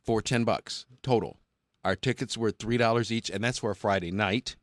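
A man's voice: lowish voice, normal speed, dry recording, studio quality. A middle-aged man hosting a movie show, chatting casually and laughing easily as he reminisces. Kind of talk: casual chat.

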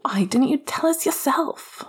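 A woman voicing a hotheaded teenage boy wizard in a fan fiction audiobook reading, sharp and heated. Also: high-pitched, lively intonation, unhurried, in a whisper, pitched above the performer's own voice. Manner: sharp, heated, rising to raised voice.

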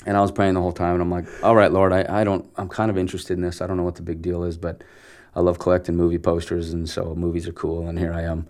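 A man in his forties from Canada, a guest telling an animated story of his start as an actor and acting out the dialogue as he goes. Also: sits low, fast, hardly any pauses. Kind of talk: casual storytelling interview.

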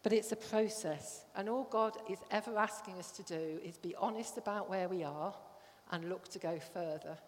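A woman's voice: lowish voice, normal speed. A middle-aged woman giving a sermon, telling a personal story in an earnest way. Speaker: church speaker. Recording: long hall reverb.

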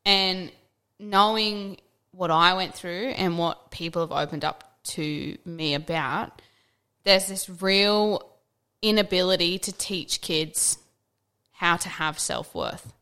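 A woman's voice: fairly low pitch, slow, clean tone. A young adult woman, chatting earnestly as a podcast co-host and acting out the people in her stories. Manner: earnest, animated storyteller, acts out quotes, swears casually. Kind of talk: casual chat.

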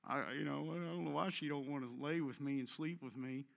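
A man's voice: fairly high pitch, steady tone, fairly quick, creaky. A male preacher acting out a crude, self-centered husband, with a careless, grumbling delivery.

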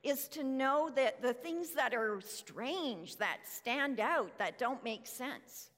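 A woman preacher giving a sermon, deliberate and full of rhetorical questions. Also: high voice, expressive, a bit bright. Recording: reverberant hall.

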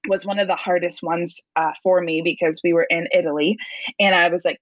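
A young woman telling a story as a podcast guest, acting out her own quoted reactions in a lively, casual way. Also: on the low side, brisk, dry recording, rough recording.

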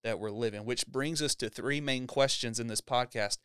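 A man's voice: medium pitch, normal speed, fairly bright tone, clean tone, no echo, studio quality. A man hosting a church podcast, talking in an upbeat, casual interview style and laughing often.

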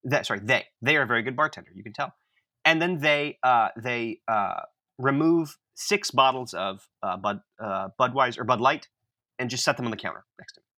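A man co-hosting a podcast, telling a comic story in an animated, self-mocking way. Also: medium pitch, brisk. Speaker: podcast co-host.

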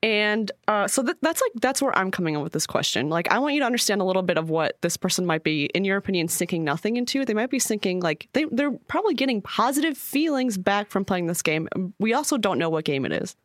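A young woman co-hosting a laid-back podcast, bouncing her pitch around as she teases her partner and jumps in with quick replies. Her tone is playful and chatty. The recording is dry and close to the mic. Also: expressive, no echo. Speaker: podcast co-host. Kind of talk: casual chat.

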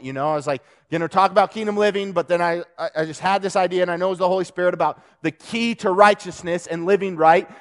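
A man preaching a casual, conversational sermon to a young audience, joking with them and restarting his sentences. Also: sits high.

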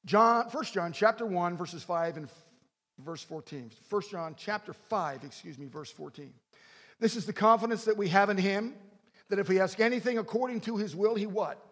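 A man preaching a sermon, animated, acting out prayers and swinging between loud and soft delivery. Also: high-pitched, normal speed. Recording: long hall reverb.

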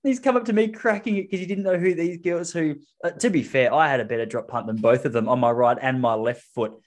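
A man's voice: fairly high pitch, fast talker. An Australian man in his thirties, chatting casually as a podcast co-host and acting out the people in his stories. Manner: animated storyteller, acts out quoted voices. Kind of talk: casual chat.

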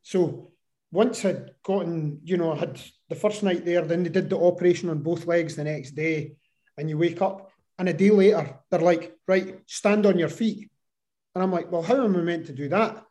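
A man as an interview guest, telling a personal story in an animated way and acting out the voices he quotes. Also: fairly high pitch, normal speed.

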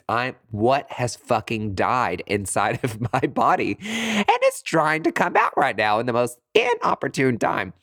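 A podcast host telling a comedic personal story in a chatty, animated way, laughing often. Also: medium pitch, no echo, clean studio sound.

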